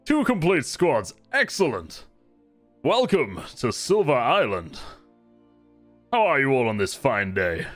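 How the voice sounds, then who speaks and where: A man's voice: medium pitch, wildly swooping pitch, slow, pauses often, a bit bright, soft background music, full character voice. A man playing a cheerful, boastful male marshal in shining plate armor, with a jovial, theatrical, teasing way of talking.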